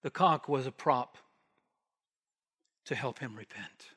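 A man preaching an expository sermon, emphatic and repetitive, dropping to a hush to stress key points. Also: mid-range voice, takes it slowly, breathy edge. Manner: emphatic, repetitive, with hushed drops for weight.

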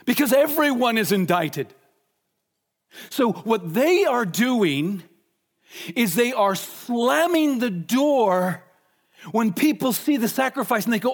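A man preaching a sermon emphatically, asking rhetorical questions and slowing down to stress key points. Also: very high-pitched, lively intonation.

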